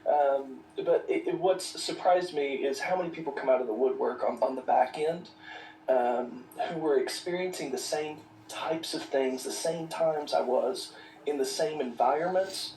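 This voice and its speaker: Earnest man with a higher voice, echoey. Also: normal speed, a little mellow, recorded from a distance, a little hiss or hum. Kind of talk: casual conversation.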